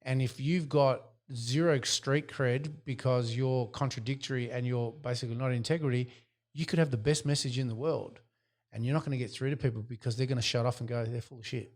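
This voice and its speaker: A man co-hosting a podcast, speaking in a reflective, conversational way. He works through his points with personal stories and acts out quoted exchanges along the way. His pitch sits in an ordinary middle range. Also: fairly even intonation, fairly quick, a little mellow. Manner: reflective, tells anecdotes with quoted dialogue. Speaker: podcast co-host. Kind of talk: casual business podcast chat.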